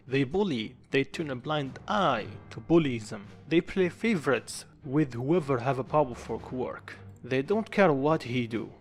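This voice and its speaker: A man reading a dramatic fan-fiction story aloud and doing every part himself, with small grammar slips. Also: mid-range voice. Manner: reads all lines himself, quotes only lightly acted; non-native grammar slips. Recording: faint music behind the voice.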